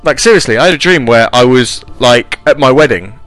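A man hosting a casual live radio show, rambling and animated as he reads chat messages and tells stories. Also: medium pitch, a little fast, soft background music.

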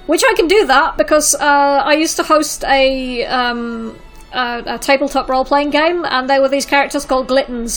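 Woman podcast host, high voice, casual rambling delivery, light music bed. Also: steady tone, normal speed. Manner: chatty, many fillers and restarts, giggly. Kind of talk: casual radio-style chat.

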